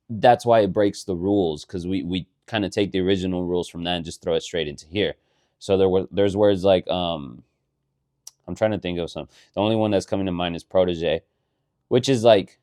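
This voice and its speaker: A man co-hosting a casual podcast, explaining things in a rambling, animated way and swearing often. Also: low-pitched, no echo, studio quality. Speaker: podcast co-host. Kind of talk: casual chat.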